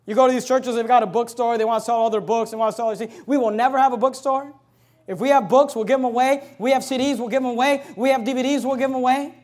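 High-voiced man preaching a fiery sermon. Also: fairly even intonation. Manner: forceful preaching, loud scripture readings, quick asides. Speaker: pastor.

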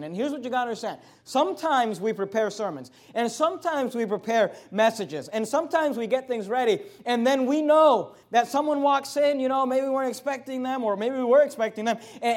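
High-voiced preacher with dynamic delivery. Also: male voice. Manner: dynamic preaching, shifts between loud emphasis and quiet asides. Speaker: pastor. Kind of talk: sermon.

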